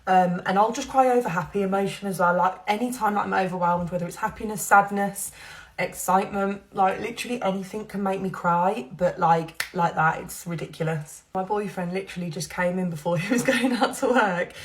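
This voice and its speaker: A woman's voice: mid-range voice, fairly quick. A young woman chatting candidly while doing her makeup, rambling openly about her feelings and laughing between thoughts. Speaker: social media creator. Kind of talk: confessional get-ready-with-me chat.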